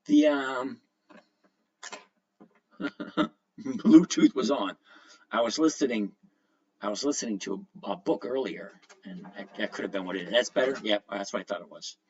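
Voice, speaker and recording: A man's voice: on the low side, moderate pace, pauses often, highs cut off. A man hosting a casual livestream from home, greeting viewers by name and reading their comments aloud. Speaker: livestream host.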